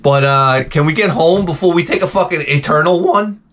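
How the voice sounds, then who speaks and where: A man's voice: on the high side, moderate pace, fairly bright tone, a little hiss or hum. Profane middle-aged man ranting. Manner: profane, exasperated grumbling. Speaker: show host. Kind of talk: casual ranting monologue.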